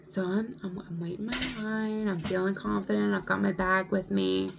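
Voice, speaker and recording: A woman vlogger recounts a personal story with animated indignation. Her voice sits in a middle pitch with a gravelly fry. There is a faint hiss behind her. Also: moderate pace. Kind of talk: storytime vlog.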